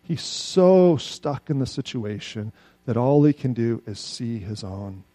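A man preaching a sermon, swinging between loud, pleading outbursts and quiet, low asides. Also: animated, unhurried, no echo. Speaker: pastor.

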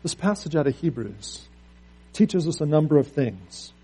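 Give me a man delivering an earnest sermon in a warm, mellow voice. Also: on the high side, big pitch swings, normal speed, breathy edge. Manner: earnest, storytelling, repeats words as he restarts. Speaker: preacher.

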